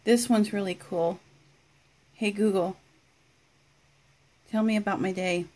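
A woman speaks in an unhurried, drawn-out way as she reviews a gadget at home. Her voice sits mid-range, and she addresses the speaker with dry amusement. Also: medium pitch, steady tone, darkish tone. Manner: talks slowly to a smart speaker, dry amused. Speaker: product reviewer.

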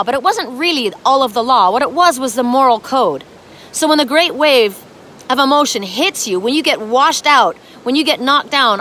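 A woman's voice: fairly high pitch, pushed and bright, a little hiss or hum. A woman giving a spiritual oracle card reading in a dramatic, emphatic way, with casual swearing.

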